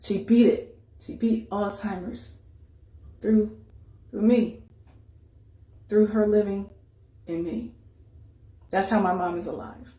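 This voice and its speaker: A woman host talking candidly and emotionally about grief, her voice wavering between soft and loud. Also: medium pitch, fairly even intonation, slow, pauses often, reverberant. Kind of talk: candid personal talk on grief.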